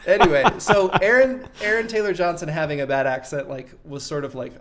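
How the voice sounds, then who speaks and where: A man co-hosting a podcast, talking casually and animatedly about a film, quick to laugh. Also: fairly high pitch, steady tone, a bit bright. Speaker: podcast co-host.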